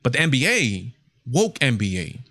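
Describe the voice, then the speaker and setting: A man's voice: medium pitch, wildly swooping pitch, normal speed, pushed and bright, no echo, clean studio sound. A man hosting a casual livestream, talking emphatically with lots of repetition. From Hispanic heritage, United States. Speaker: show host.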